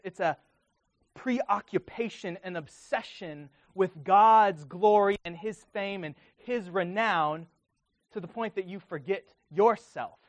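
Male preacher, higher-pitched voice, earnest delivery, reads scripture with building emphasis, close dry sound. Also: no room sound, highs cut off. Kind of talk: sermon.

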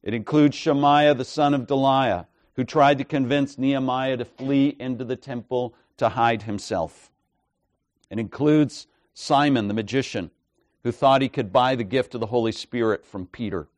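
Preaching an expository sermon, this man speaks with measured emphasis and keeps checking in by asking "right?" and "okay?". The recording is dry, and his pitch sits in the middle range.

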